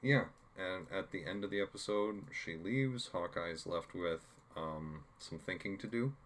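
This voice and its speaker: A man co-hosting a podcast, chatting casually about a TV episode in a rambling, halting way full of fillers and restarts. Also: deep voice, slight background noise. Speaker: podcast co-host. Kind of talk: casual chat reviewing a TV episode.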